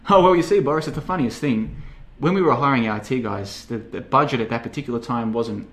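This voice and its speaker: A man's voice: mid-range voice, fast talker, a bit bright, lightly acted. A man voicing a breezy, overly casual American president in a comedic retelling, chummy and glib.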